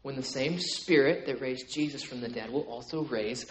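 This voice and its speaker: A man preaching a sermon in a conversational way, with many "right?" tags, moving between loud emphatic stretches and quiet, low asides. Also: moderate pace, few pauses, poor audio. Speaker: pastor.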